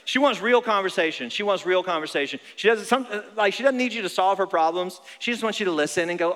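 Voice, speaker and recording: High, bright-voiced pastor in a reverberant hall. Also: male voice, brisk, hardly any pauses. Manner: animated, joking, repeats phrases for emphasis. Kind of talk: sermon. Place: large church auditorium.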